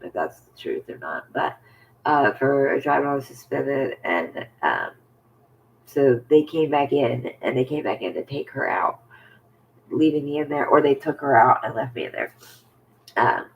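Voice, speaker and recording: A man telling a personal story to camera in a halting, rambling way, full of fillers and restarts, often sinking to a near whisper. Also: mid-range voice, sing-song, creaky, muffled recording, a little hiss or hum. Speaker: vlogger.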